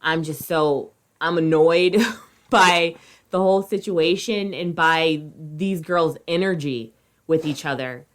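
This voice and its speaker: A podcast co-host, a woman in her thirties, chats loosely and casually at a slow pace. Her voice is slightly low, and she's expressive, swearing freely as her volume rises and falls.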